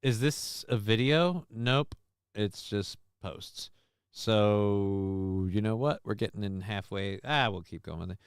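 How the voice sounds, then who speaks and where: A man's voice: on the low side, slow pace, clear, resonant tone, no room sound, studio quality. A man hosting a casual livestream, rambling, cursing and making sarcastic asides while reading chat messages. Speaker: livestream host.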